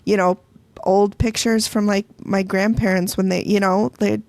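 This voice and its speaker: A woman with a gravelly, fry-laced voice chatting on a podcast. She jumps in with quick reactions and offhand asides. The recording is dry and close. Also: medium pitch, little pitch movement, darkish tone, dry recording. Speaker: podcast co-host. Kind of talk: casual chat.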